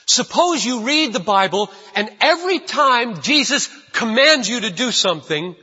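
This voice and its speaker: A man's voice: very high voice, lively intonation, normal speed, sharp tone, breathy edge. A man preaching a sermon as pastor, emphatic and repeating his key phrases, recorded in a church. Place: church sanctuary. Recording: dull lo-fi sound with long hall reverb.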